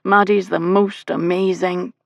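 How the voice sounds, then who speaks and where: A woman's voice: on the low side, little pitch movement, measured pace, vocal fry, dry recording, highs cut off. Woman reading a wry, drawling married lord. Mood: earnest. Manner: dry, drawling. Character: happily married nobleman, steady and wry. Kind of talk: audiobook character voice.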